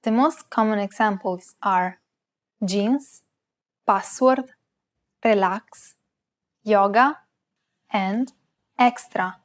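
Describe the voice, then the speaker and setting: A woman co-hosting a language lesson, reading a script and saying example words slowly and carefully. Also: medium pitch. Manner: slow, careful, precise pronunciation of example words.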